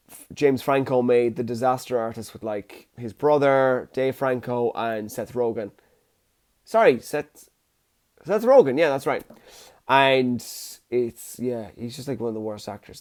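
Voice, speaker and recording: A young man hosting a casual, rambling solo podcast alone in his room, recorded on his phone. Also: mid-range voice. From Ireland. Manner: jokey, rambling, self-deprecating. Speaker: podcast host.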